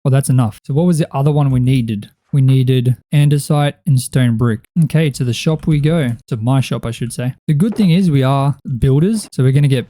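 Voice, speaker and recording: Chatty Australian man, very dark voice. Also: medium pitch, a little fast, hardly any pauses. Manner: chatty, rambling, thinks aloud. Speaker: gaming channel host. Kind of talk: casual gameplay commentary.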